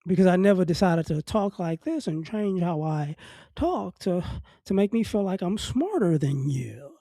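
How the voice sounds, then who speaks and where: A man with a high, dark, mellow voice and faint traces of a Southern accent, from New Orleans, gives a blunt, casual opinion monologue. He often repeats words as he works toward his point, and the recording is dry and close. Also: sing-song, moderate pace, no echo. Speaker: commentary vlogger.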